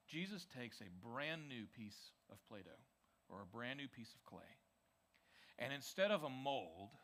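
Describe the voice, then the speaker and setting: In an energetic youth sermon during church, this male youth pastor speaks in a middle register with a bright, forward tone. He stays chatty and keeps asking the congregation "okay?" to check in.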